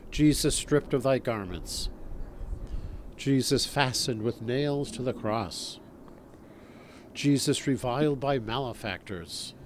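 A priest leading his listeners in prayer, reciting a long litany in a measured, solemn way. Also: medium pitch, a little mellow, a little hiss or hum.

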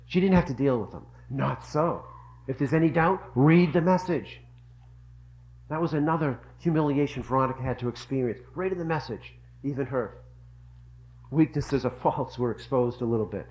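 A man's voice: medium pitch, moderate pace, darkish tone, muffled recording. A middle-aged man giving an earnest devotional talk, telling stories and repeating phrases for emphasis. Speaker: religious speaker.

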